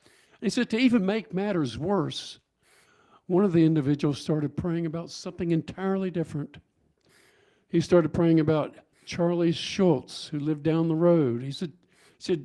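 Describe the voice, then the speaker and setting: A man's voice: fairly high pitch, normal speed, warm tone. Folksy man telling a church story. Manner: folksy storytelling with many restarts and fillers. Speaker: speaker at church service. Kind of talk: storytelling sermon. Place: church sanctuary.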